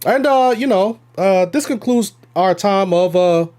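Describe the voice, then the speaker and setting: A man's voice: high-pitched, lively intonation, a little slow, darkish tone. A male host giving emphatic, indignant commentary in a preachy manner on a live stream.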